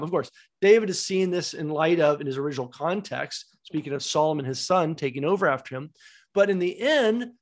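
Animated male Bible study teacher. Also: a little high. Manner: emphatic, rhetorical questions, repeats key words.

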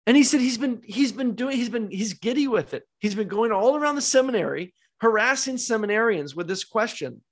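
A man's voice: extremely high pitch, expressive, fairly quick, few pauses. A man leading a Bible study, telling a story with quoted dialogue and growing fervent and emphatic.

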